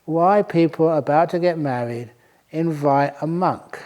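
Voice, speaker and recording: A man's voice: a little high, unhurried, a little mellow. An older man, a monk, giving a dharma talk to a retreat audience, telling a humorous story and often chuckling. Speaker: monk teacher.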